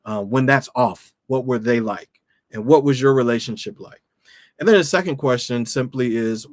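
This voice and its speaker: A man's voice: mid-range voice, normal speed, no room sound, studio quality. A man speaking as a pastor, giving a sermon-style talk to the camera in a conversational way and repeating his questions for emphasis.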